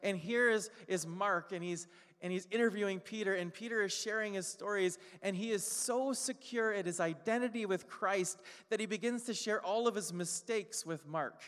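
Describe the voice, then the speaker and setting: A male pastor delivers an emphatic sermon in a high voice, piling up short phrases one after another. His words echo with a long reverb, as if spoken in a large church hall. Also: a bit bright, smooth. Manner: emphatic, repeats short phrases, slows down on key lines.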